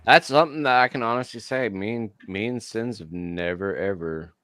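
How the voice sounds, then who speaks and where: A man with a very deep voice, speaking in a plain, low-key way on a podcast. He sounds dry and close, with no room echo. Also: normal speed, fairly bright tone. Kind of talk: casual chat.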